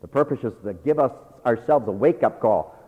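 A male preacher exhorting a church, moving between quiet asides and loud, emphatic passages. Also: medium pitch, animated, a little fast, slightly rough. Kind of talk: sermon. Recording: tinny phone-like sound with long reverb.

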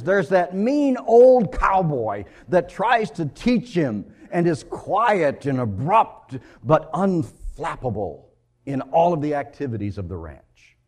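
Animated male preacher with lively pitch. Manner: animated storytelling with big swings in loudness. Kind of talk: sermon.

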